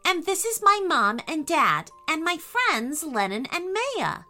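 A woman voicing a polite young girl in a storybook reading, speaking softly and high. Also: sing-song, takes it slowly, soft background music, full character voice. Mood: gentle. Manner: soft, high and careful.

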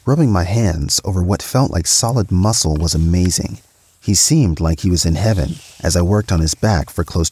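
A man narrating a scripted first-person story in a steady, matter-of-fact reading voice. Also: sits low, husky. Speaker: podcast storyteller.

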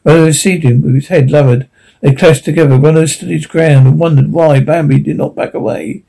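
A man's voice: a little high, fairly even intonation, fairly quick, gravelly, warm tone, low-quality recording. A man reading a classic animal story aloud as narration, unpolished with frequent restarts. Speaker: audiobook reader.

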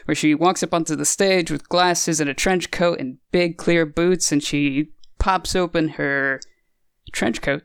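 A man's voice: fairly high pitch, fairly even intonation, unhurried, creaky, clear, resonant tone, dry recording. A man casually discussing a movie on a podcast, rambling and hesitant with many fillers. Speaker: podcast co-host.

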